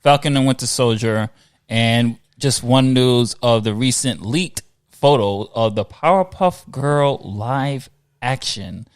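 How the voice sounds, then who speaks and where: A man's voice: mid-range voice, slow, smooth. Rambling male podcast host. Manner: rambling, restarts often. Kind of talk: casual chat.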